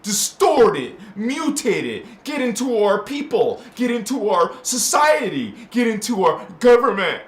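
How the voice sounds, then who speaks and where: A man hosting a spiritual talk, rambling between quiet musing and impassioned shouts. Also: high voice. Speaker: spiritual channel host. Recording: echoey room with faint noise.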